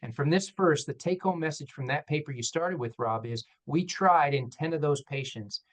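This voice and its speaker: During a panel discussion, an orthopedic surgeon tells self-deprecating, candid stories and animatedly acts out each line of quoted dialogue. He speaks at normal speed in a slightly high voice, captured on a rough recording.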